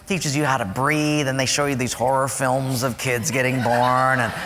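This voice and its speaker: A man preaching a sermon, animated and storytelling, acting out voices to make his points. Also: medium pitch, moderate pace, in a large hall. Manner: animated, acts out voices and stories.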